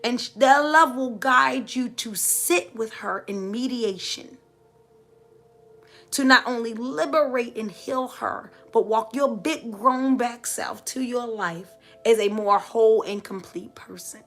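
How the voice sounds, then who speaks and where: A woman's voice: on the high side, slow, a bit bright, soft background music. A middle-aged woman giving a heartfelt motivational talk to live viewers, with emphatic, preacher-like repetition. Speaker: motivational speaker.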